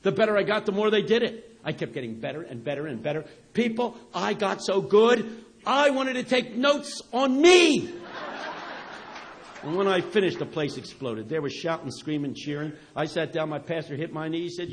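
A man preaching a sermon, telling a story and building up to shouted crescendos before a live audience. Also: on the high side, animated, normal speed, a little hiss or hum.

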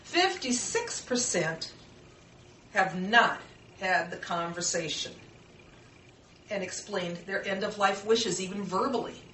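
A woman's voice: medium pitch, lively intonation, slow, pauses often, pushed and bright, slight background noise. An older woman presenting an informal workshop, speaking earnestly and conversationally, and acting out the voices of family members. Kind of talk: informal class talk. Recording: echoey room from far off.

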